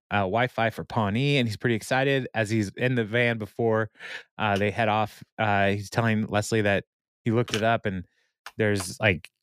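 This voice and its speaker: A man's voice: on the low side, no echo, clean studio sound. A man hosting a podcast, casually recapping an episode, laughing often and paraphrasing the characters. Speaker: podcast host.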